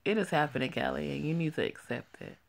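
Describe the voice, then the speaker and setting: Woman doing a low, gravelly gang boss man. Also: fast talker, exaggerated voice. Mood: firm. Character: stern man, head of a gang. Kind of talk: amateur voiced story drama.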